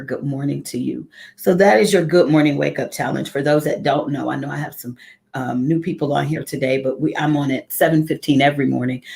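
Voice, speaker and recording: A ministry leader with a low, gravelly, somewhat dark voice hosts a live morning devotional. She speaks in a heartfelt, conversational way and greets viewers by name.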